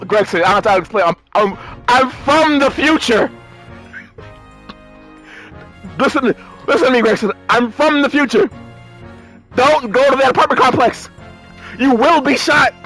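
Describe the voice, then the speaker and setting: Guy doing a panicky future man yelling, way higher than his normal voice, faint music behind. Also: steady tone, racing, few pauses. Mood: frantic pleading. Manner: panicked, pleading, shouting warnings. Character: frantic man shouting he is from the future.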